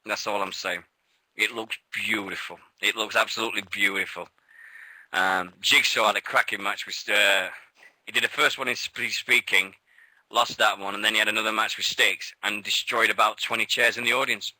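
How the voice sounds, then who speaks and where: A British man co-hosting a radio show in casual chat, an excitable storyteller who laughs often and swears freely. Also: on the low side, normal speed, rough recording. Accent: British English.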